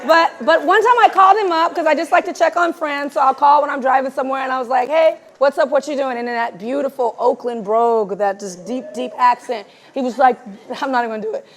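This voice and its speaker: Speaking fast in a high voice with few pauses, this woman director chats casually as an interview guest at a live audience event. She's a lively storyteller who acts out the dialogue she quotes.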